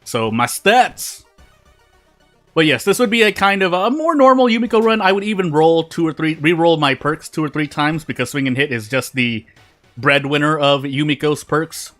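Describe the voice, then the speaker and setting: A man's voice: on the high side, animated, moderate pace, a bit bright. A man streaming a game, chatting casually as he plays and eats, often repeating himself and restarting his sentences, with faint game music behind him. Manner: rambling, repeats phrases and restarts mid-sentence; talks while eating. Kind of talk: casual gameplay commentary.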